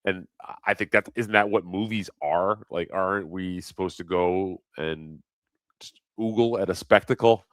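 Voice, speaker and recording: A man's voice: low-pitched, moderate pace, fairly bright tone, no room sound. A middle-aged man rambling crudely in a casual livestream chat, reading comments aloud and laughing at himself.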